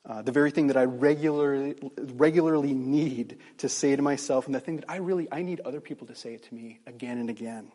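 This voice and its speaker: A man's voice: medium pitch, fast talker, hardly any pauses, warm tone, long reverb tail. A middle-aged man preaching earnestly as a pastor, restarting phrases, then closing in prayer. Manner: earnest, emphatic, with frequent restarts and fillers.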